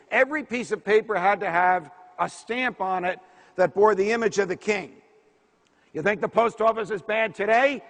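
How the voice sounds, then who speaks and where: A man's voice: sits high, a bit bright. A man giving a political speech, emphatic and rhetorical, lecturing a crowd. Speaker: speaker. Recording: reverberant hall.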